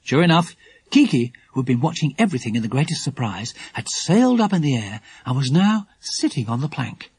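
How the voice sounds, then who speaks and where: A man narrating a children's audiobook in a lively, expressive storytelling manner. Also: medium pitch, a little fast, slightly rough, dry recording.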